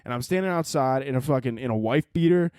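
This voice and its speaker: A man hosting a solo podcast, rambling and swearing through animated stories, short on sleep and wired. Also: mid-range voice, fast talker, clear, resonant tone, dry recording. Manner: rambling, profane, animated storytelling. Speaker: podcast host. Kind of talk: casual solo podcast monologue.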